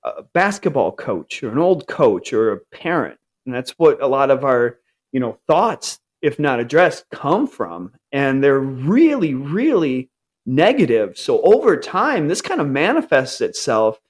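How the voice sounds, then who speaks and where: A man in his forties telling a candid personal story in an earnest way, and he acts out his upbeat self-talk in a higher voice. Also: big pitch swings, unhurried, slightly rough.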